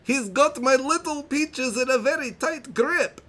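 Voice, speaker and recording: A man reading lines aloud in a deliberately over-the-top put-on foreign accent, slow and pompous. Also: a bit bright. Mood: hammy. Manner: overdone mock accent, slow and high.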